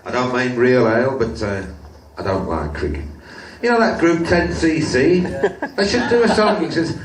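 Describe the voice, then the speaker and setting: A middle-aged male comedian works a pub crowd in a flat, deadpan manner. His one-liners ramble and trail off into mumbles, though his pitch still jumps about a good deal. He is taped from far back in an echoey room, with audience noise clearly heard. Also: normal speed. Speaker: stand-up comedian. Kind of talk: live stand-up set. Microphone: audience recording from the room, far from the stage. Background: laughing audience, church organ music.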